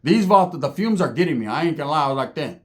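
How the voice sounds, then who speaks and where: A man's voice: a little high, expressive, racing. A middle-aged man casually telling a profane prison-life story, acting out the people he quotes. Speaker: storyteller guest.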